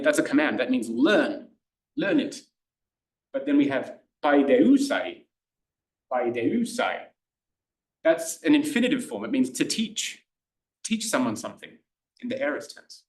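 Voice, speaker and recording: Young man lecturing in a roomy classroom. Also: medium pitch. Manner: conversational, with frequent fillers and restarts. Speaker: workshop presenter. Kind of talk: informal lecture.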